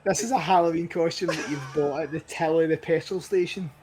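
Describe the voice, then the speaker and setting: A man's voice: a little high, brisk, crowd noise. A man who is a guest on a podcast, laughing along in casual chat and adding dry quips.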